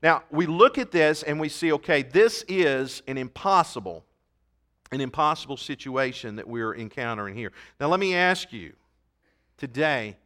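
Emphatic preacher with a bright voice. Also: male voice, mid-range voice, animated, moderate pace. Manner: emphatic, punchy wordplay, reads scripture aloud. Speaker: pastor. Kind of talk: sermon. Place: church.

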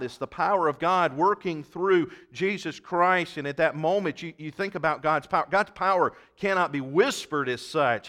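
Preacher, man, bright and fairly high, shouts the scripture then drops low for asides. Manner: reads scripture aloud, swings from loud emphatic shouts to low asides. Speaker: pastor. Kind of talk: sermon.

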